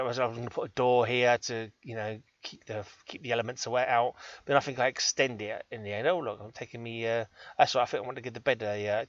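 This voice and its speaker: Cheeky chatty Englishman, bright dry sound. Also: mid-range voice, no echo, dull audio. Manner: cheeky, self-deprecating, chatty. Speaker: gaming channel host. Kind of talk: rambling gameplay commentary.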